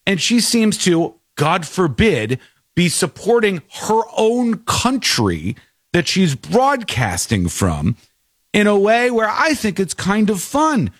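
A man's voice: high voice, huge pitch swings, slow pace, no room sound, clean studio sound. A man hosting a talk show, commenting in a mocking, exasperated way. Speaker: show host.

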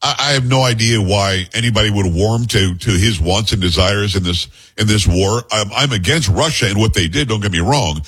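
A man's voice: on the low side, fairly quick, few pauses, fairly bright tone, slightly rough. A man hosting a talk radio show, reading news stories aloud and breaking in with blunt personal opinions.

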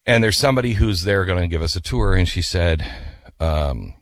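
Animated man telling a story on radio. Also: low voice, moderate pace, no echo, clean studio sound. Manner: animated, chatty storytelling with laughs. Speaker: radio host. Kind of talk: storytelling and ad reads.

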